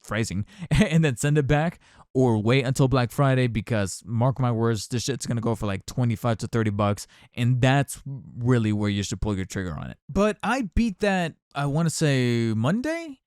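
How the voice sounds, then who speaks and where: Smooth, dry-voiced man hosting a podcast. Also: medium pitch, expressive, normal speed, a little mellow, no echo. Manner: rambling, candid, with frequent restarts and asides. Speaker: podcast host. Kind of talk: casual solo podcast commentary. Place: home recording setup.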